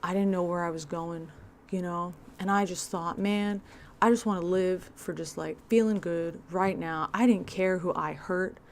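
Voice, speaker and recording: Brief: a woman doing a preachy retreat guy, confessional and mock-solemn, a bit louder than her own talk. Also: on the low side, fairly even intonation, normal speed, a little hiss or hum, close to an everyday voice. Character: earnest male retreat leader, preachy.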